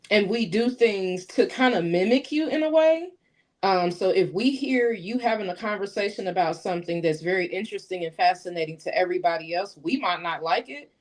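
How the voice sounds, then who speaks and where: A woman explaining in a measured, steady way during a casual podcast discussion. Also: medium pitch.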